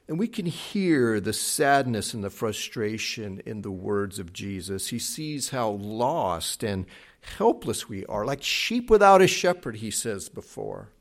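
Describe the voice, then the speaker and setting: A man preaching a sermon, retelling a Bible story with dramatic swings between loud acted quotes and soft, hushed passages. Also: lowish voice, sing-song, measured pace. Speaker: pastor.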